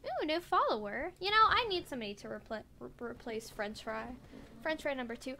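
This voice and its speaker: A woman's voice: sits high, lively intonation, brisk, bright, forceful tone. A young woman giving casual let's-play commentary, chatting, swearing and talking to the game characters as she plays. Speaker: gaming video creator. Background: game music.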